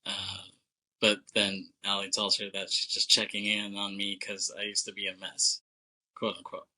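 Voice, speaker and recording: A man co-hosting a podcast, recapping a film plot in a loose, chatty way, full of "like", quick laughs and casual swearing. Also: lowish voice, completely flat delivery, pushed and bright, low-quality recording. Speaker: podcast co-host.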